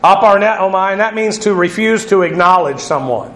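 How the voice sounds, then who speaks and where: A man's voice: high-pitched, animated, normal speed, a bit bright, reverberant. A man teaching a Bible lesson on Greek word meanings, spelling words out letter by letter with frequent fillers.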